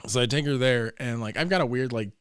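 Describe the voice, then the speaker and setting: A young man, a podcast guest, telling a story in a loose, profane, animated way and acting out the voices. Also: mid-range voice, quick pace, clear, resonant tone, no echo, clean studio sound. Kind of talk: casual storytelling.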